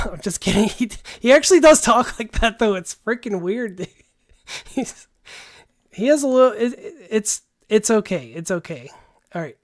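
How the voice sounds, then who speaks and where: A man's voice: sits high, lively intonation, normal speed. A man hosting a livestream who talks in a casual, rambling way and calls people "dude". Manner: laid-back, rambling, says "dude" often. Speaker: livestream host.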